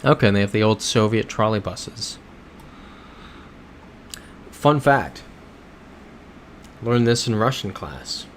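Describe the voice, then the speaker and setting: A man's voice: lowish voice, expressive, takes it slowly, pauses often, a little hiss or hum. Laid-back man chatting on a livestream. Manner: chatty, reads viewer comments aloud and reacts to them; laid-back, with soft chuckles. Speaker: livestream host. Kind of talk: casual livestream chat while playing a geography game.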